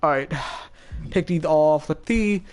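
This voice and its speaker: A young man chatting excitedly as he comments on his own gameplay, laughing often. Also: on the high side, measured pace. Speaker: gaming YouTuber.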